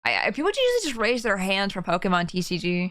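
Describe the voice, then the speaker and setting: A woman's voice: mid-range voice, wildly swooping pitch, fast talker, a bit bright, dry recording, studio quality. A young woman streaming a game, chatting casually and laughing as she talks to her viewers. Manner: chatty, laughing, swearing, talking to chat.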